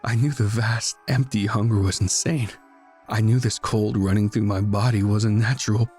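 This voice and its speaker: A man narrating a first-person horror story in a measured, tense, brooding way. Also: on the low side, fairly even intonation, a little mellow, soft background music. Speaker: guest narrator.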